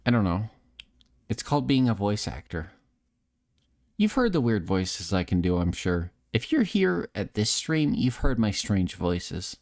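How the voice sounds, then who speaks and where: A man's voice: fairly low pitch, sing-song, unhurried, darkish tone. Tipsy male streamer, nasal tone, slight lisp, rambling, self-deprecating chat on a close mic. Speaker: streamer and voice actor. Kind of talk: casual live-stream chat. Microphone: close desk microphone.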